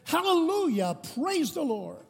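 A man putting on an excitable churchwoman, shouting out praise in bursts during a sermon. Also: extremely high pitch, unhurried, gravelly, long reverb tail, pitched above the performer's own voice, heavily acted. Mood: exclaiming. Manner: exclamatory outbursts.

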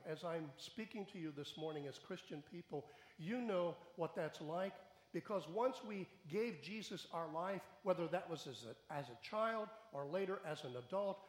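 A man's voice: fairly high pitch, lively intonation, normal speed, few pauses, echoey room, long reverb tail. A male pastor giving a sermon in a church, speaking earnestly and building to raised, emphatic questions. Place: church sanctuary.

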